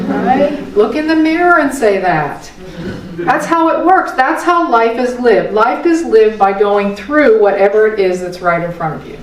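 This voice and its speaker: A woman's voice: a little high, big pitch swings, measured pace, noisy background. An older woman giving a folksy, conversational spiritual talk. She repeats phrases and asks her listeners rhetorical questions. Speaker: spiritual teacher. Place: meeting room of a spiritual center. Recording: echoey room, voice from a distant mic.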